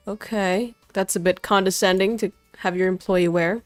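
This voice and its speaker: A woman's voice: medium pitch, fairly even intonation, normal speed, hardly any pauses, no echo, faint music behind. A young woman streaming a game live, chatting casually with her chat and reading story text aloud in a playful, talkative way. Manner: chatty, switches languages, greets chat playfully. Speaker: vtuber streamer.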